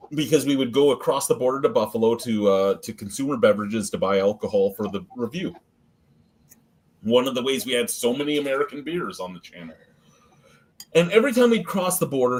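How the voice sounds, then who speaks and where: A man's voice: medium pitch, darkish tone, husky. A man hosting a beer review stream, telling an anecdote and swearing freely. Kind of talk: casual profane storytelling.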